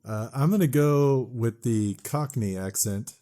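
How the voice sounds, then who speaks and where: A man co-hosts a podcast in casual chat, his mid-range voice mellow and measured. He sounds laid-back and hesitant, with lots of filler words.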